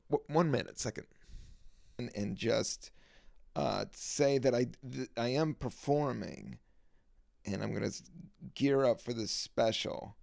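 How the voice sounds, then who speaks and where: Gravelly, creaky-voiced man rambling. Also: medium pitch, dry recording, clean studio sound. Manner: relaxed, meandering, lots of fillers. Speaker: podcast host and stand-up comedian. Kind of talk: casual rambling monologue.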